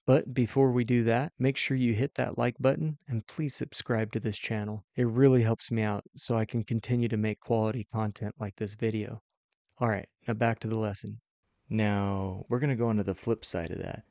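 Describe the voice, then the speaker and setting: Low-voiced man teaching a language lesson. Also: steady tone, vocal fry, darkish tone, no room sound. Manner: slow, careful modeling of phrases. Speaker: Mandarin teacher.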